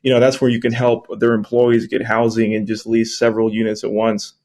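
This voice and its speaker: A man's voice: lowish voice, brisk. A man who works as an apartment locator, explaining things steadily in a casual group audio chat. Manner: steady, explanatory sales talk.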